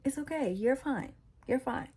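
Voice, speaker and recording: A woman voicing a calm, kind male teacher who gently reassures frightened followers. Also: high voice, normal speed, breathy edge, pitched above the performer's own voice, full character voice. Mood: soothing.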